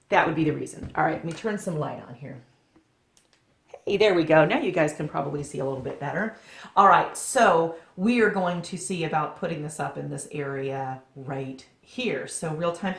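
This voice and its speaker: A woman's voice: on the low side, moderate pace, gravelly. A woman chatting jokily to the camera as a vlogger, at home in her family room. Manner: chatty, jokey, talks to the camera and her cats. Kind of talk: casual chat. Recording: echoey room, faint noise.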